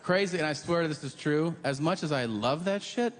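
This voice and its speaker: A man's voice: a little high, expressive, moderate pace, long reverb tail. A man doing a stand-up comedy routine in a profane, confessional, conversational way.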